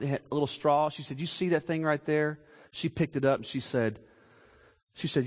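Man preaching, slightly high voice, long church reverb, quiet storytelling rising to loud emphatic calls. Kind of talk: sermon.

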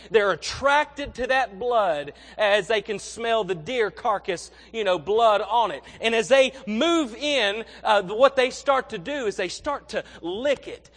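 A man's voice: high voice, a bit bright. A young man preaching a sermon in a folksy, conversational way, often repeating his words as he tells stories. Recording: long reverb of a large hall.

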